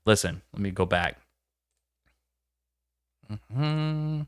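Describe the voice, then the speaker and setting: A man's voice: fairly low pitch, a little slow, fairly bright tone, no room sound, studio quality. A man hosting a livestream, talking bluntly and opinionated, swearing casually as he reacts to clips. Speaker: livestream host.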